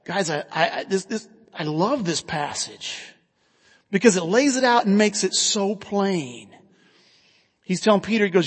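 A man with a high voice preaches a sermon, earnest and conversational, asking his listeners questions as he goes. His voice rings out with a long reverb, as if filling a large hall. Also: animated, a little slow, slightly rough. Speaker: pastor.

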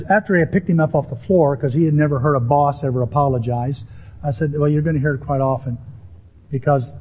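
A pastor preaching a sermon to his congregation in an animated, emphatic way, lifting his voice on key words. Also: mid-range voice, slightly rough. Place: church sanctuary with a congregation. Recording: dull, lo-fi sermon audio.

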